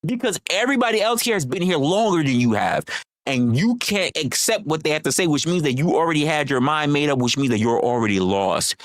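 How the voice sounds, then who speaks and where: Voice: mid-range voice, animated, a little fast, dry recording, studio quality. A livestream host scolding a viewer in a profane, repetitive, heated rant.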